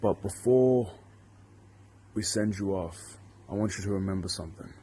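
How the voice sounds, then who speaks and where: A professional wrestler giving a farewell in a hyped promo style. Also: male voice, on the low side, normal speed, dark tone, a little hiss or hum.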